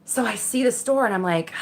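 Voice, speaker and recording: A woman telling a personal story casually, candid and animated, swearing freely and acting out the voices in her head. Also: a little high, vocal fry, slight background noise. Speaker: vlogger.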